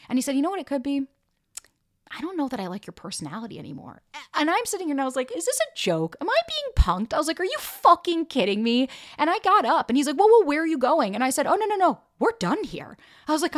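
Telling a breakup story on her podcast, a young host and dating coach is blunt, profane, and lively, reenacting other people's lines in raised voices. It's candid, casual storytelling in a mid-range voice. The recording is dry, with clean studio sound.

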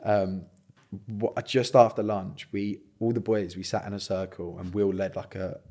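A man's voice: low voice, flat delivery, normal speed, warm tone. A young man chatting as a podcast guest, telling laid-back stories and swearing freely. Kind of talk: casual podcast chat.

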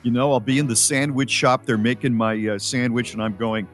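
A man's voice: mid-range voice, steady tone, brisk, few pauses, soft background music. A man hosting a radio show, chatting casually and musing aloud about his own habits.

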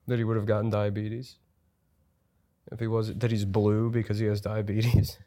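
A man co-hosting a comedy podcast, trading deadpan crude jokes in casual banter. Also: on the low side, moderate pace. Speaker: co-host.

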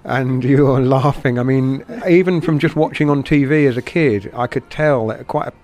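A man interviewing a guest, setting up his questions with background in a measured way. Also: mid-range voice, a little mellow.

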